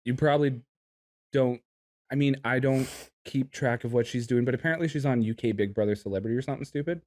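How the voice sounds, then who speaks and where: A man's voice: mid-range voice, fast, a little mellow. A man co-hosting a casual podcast outdoors in a park, laughing often and jumping into silly bits. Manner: giggly, laughs often, jumps into silly voices. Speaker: podcast co-host. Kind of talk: casual chat.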